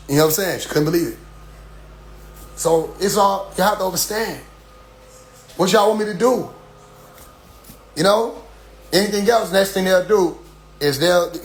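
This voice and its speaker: A man with a fairly high voice speaks to his followers in a preachy, insistent way. He keeps firing off rhetorical questions and tags his points with "you see?". A faint hum sits under the recording. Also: a bit bright. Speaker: group leader addressing followers. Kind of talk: impassioned address.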